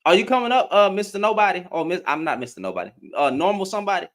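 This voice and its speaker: A man's voice: high-pitched, animated, rapid-fire, a bit bright. A man hosting a livestream, ranting in heated, emphatic commentary, repeating and restarting his words. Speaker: livestream host.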